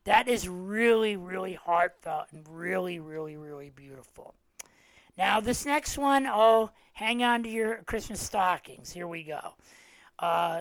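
A man's voice: high voice, fairly bright tone, dry recording. A middle-aged man hosting a podcast, casually retelling holiday specials and acting out the quoted lines, with many fillers. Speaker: podcast host.

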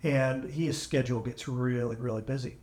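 Earnest male podcast guest, halting emotional storytelling, roomy audio. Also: mid-range voice, fairly even intonation, a little mellow. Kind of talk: candid storytelling. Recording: echoey room, AI-salvaged audio.

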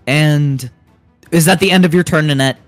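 A man narrating a tabletop game as game master, unhurried and hesitant with fillers. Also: a little high, no echo, faint music behind.

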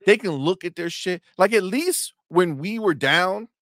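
A young adult man co-hosting a gaming livestream, animated and profane, trash-talking rival fans and reading viewer chat aloud. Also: sits high, a little slow, dry recording, studio quality. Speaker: co-host of a gaming talk stream. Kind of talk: casual livestream banter.

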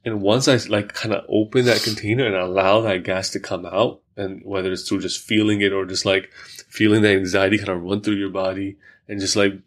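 Guy on a podcast, kinda low voice, thinking out loud with lots of likes and rights. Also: level tone, fairly quick. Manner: reflective, many fillers, talks through examples. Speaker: podcast host. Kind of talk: casual conversation.

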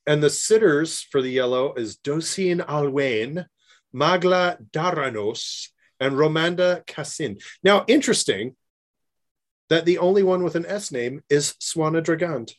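A man co-hosting a casual podcast chat, animated and laughing often, slipping into mocking put-on voices. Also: fairly high pitch, unhurried. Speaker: podcast co-host.

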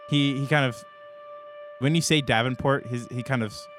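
A man's voice: medium pitch, steady tone, moderate pace, a bit bright, soft background music. Hesitant man running a tabletop game. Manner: hesitant, lots of ums and restarts. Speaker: game master.

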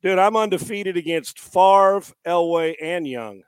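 A middle-aged man hosting a sports talk show, loud and joking, telling stories with put-on voices. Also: sits high, unhurried, smooth, no echo, clean studio sound. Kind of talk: casual podcast banter.

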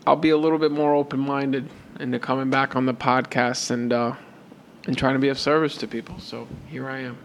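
A man co-hosting a podcast, telling a story in a casual, animated way and acting out both sides of the conversation. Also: medium pitch, brisk, slight background noise. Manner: animated retelling with repeated "and I'm like". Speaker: podcast co-host.

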